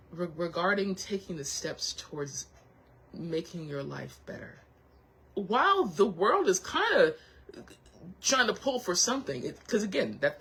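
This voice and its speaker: A woman's voice: lowish voice, a bit bright, slight background noise, poor audio. A woman hosting a casual motivational chat, encouraging and heartfelt, who thinks aloud with frequent restarts and repeats her reassurances. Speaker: host.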